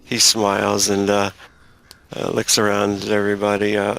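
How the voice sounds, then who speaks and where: A man's voice: lowish voice, completely flat delivery, moderate pace, vocal fry, a bit bright, smooth. A man narrating a tabletop game as game master, setting scenes and prompting players.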